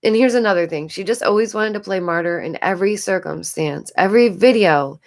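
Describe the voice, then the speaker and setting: A woman's voice: medium pitch, fairly quick, darkish tone. Exasperated woman vlogger with frequent laughs. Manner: exasperated, rambling, laughs often. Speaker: YouTube commentary host. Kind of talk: casual commentary vlog.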